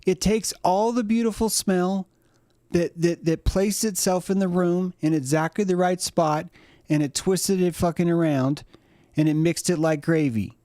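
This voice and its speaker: A man voicing an indignant, crude talking dog that lectures its owner in a lively, affronted, profane way. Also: high voice, a little slow, dry recording, clean studio sound, pitched above the performer's own voice. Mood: lecturing.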